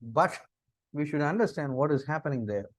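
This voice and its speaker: A middle-aged man with an Indian English accent, giving a lecture on interview skills, lively and full of rhetorical questions. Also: a little high, moderate pace, dry recording. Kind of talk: lecture on interview body language.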